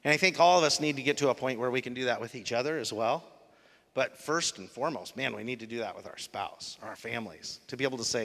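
A man preaching a sermon as pastor, animated, shifting from quiet reflection to loud emphasis. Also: medium pitch, fast talker, gravelly. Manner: animated, swings from soft to loud. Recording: long hall reverb.

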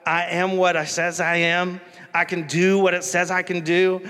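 A man's voice: high voice, little pitch movement, normal speed, fairly bright tone, clear, resonant tone, in a large hall. A man doing a Southern TV preacher impression. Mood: solemn, declaring. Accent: Southern US, put on. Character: earnest male megachurch TV preacher reciting a creed.

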